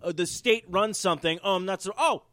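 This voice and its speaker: Podcast co-host: man, high and bright, dry close sound, furious profane rants. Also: fairly quick, dry recording. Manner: swears constantly, rants angrily, mimics others in sarcastic voices. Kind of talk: profane ranting podcast chat.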